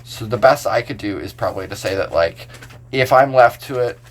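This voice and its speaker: A man's voice: fairly low pitch, lively intonation, brisk. A man, a pastor, talking casually on a podcast, explaining scripture verse by verse with a loose, filler-heavy manner.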